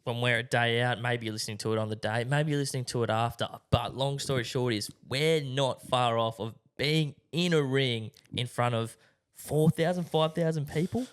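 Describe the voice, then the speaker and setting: A man's voice: mid-range voice, moderate pace, clear, resonant tone. A young adult man with an Australian accent, co-hosting a podcast in laid-back, laughing casual chat. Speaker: podcast co-host.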